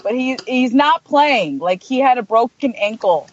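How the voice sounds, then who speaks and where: A woman's voice: a little high, lively intonation, a little slow, muffled recording. A woman panelist talking from her car, chatty and emphatic, with lots of "like" fillers. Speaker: podcast panelist. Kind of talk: casual chat. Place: car on a freeway.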